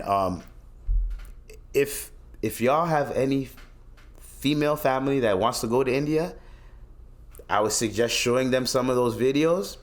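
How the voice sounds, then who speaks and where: A young man from Canada hosting his own podcast, ranting bluntly and profanely in casual solo commentary, often restarting his sentences. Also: medium pitch. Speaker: podcast host.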